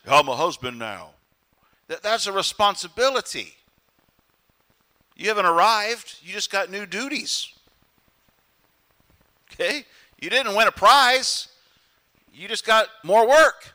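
Bright, lively preacher man. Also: high-pitched. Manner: animated, acts out voices for emphasis. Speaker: pastor. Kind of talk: sermon.

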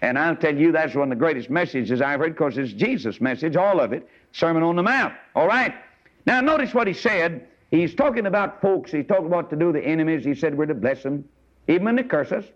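A man delivers a sermon in a folksy, emphatic style, often throwing rhetorical questions at his listeners. His voice sits a little higher than most men's. The recording is muffled and lo-fi, like an old sermon tape. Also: animated, fairly quick, fairly bright tone. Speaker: preacher.

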